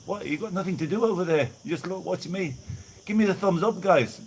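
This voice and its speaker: A man's voice: high voice, brisk, slight background noise, low-quality recording. A man from the Birmingham area with a mixed Birmingham accent, rambling casually on an outdoor live stream and greeting viewers by name. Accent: mixed Birmingham English with a little Maltese influence. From England (Birmingham area). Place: outdoors on a breezy day. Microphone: no clip-on mic, camera mic.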